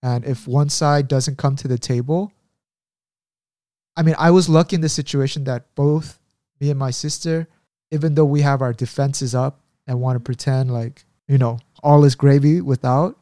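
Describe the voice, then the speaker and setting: A man's voice: medium pitch, steady tone, normal speed, dark tone, no room sound, clean studio sound. Rambling, reflective man chatting. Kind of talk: casual chat.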